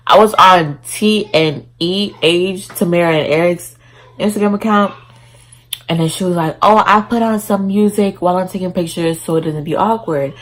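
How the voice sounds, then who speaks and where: A woman's voice: lowish voice, moderate pace, poor audio. A woman chatting casually in a mukbang vlog at home, talking while she eats. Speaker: vlogger. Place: indoors at home, in her bedroom.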